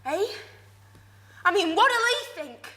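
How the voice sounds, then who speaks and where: An actress playing a troubled young woman in a hushed monologue, soft and coaxing. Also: very high-pitched, very animated, slow pace, slight background noise, heavily acted. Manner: soft, coaxing, working-class speech. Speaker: drama student in a showcase scene.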